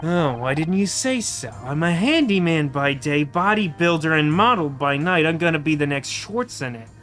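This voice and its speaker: A man voicing a gruff young male handyman and would-be bodybuilder in a low, mumbling, laid-back voice for a video game. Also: lively intonation, moderate pace, fairly bright tone, faint music behind. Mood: boastful.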